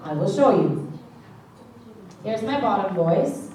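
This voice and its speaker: A woman vocal coach with a warm, mid-range voice leads a worship singing class, speaking slowly with lively intonation. She's chatty and playful, singing short vocal exercises to demonstrate each point into a handheld mic. The recording, made from a distance in an echoey classroom or church hall, carries faint background noise.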